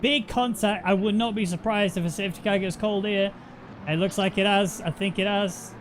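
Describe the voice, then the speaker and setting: Bantering guy calling a sim race, slightly high voice, faint hiss behind. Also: fairly quick. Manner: joking, banter-heavy, excitable on incidents. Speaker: sim racing commentator. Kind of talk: casual race commentary.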